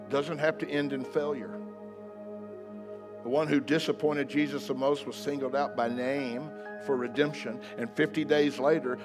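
A man preaching a sermon to a congregation in a church hall, emphatic, swinging between loud declarations and soft asides. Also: medium pitch. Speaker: pastor. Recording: long hall reverb, faint music behind.

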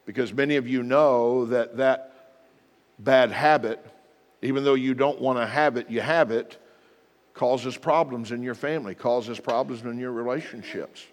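A man's voice: mid-range voice, moderate pace. Middle-aged pastor guy preaching, earnest and plain, voice ringing around a big church hall. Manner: earnest, plain-spoken preaching with repeated exhortations. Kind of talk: sermon.

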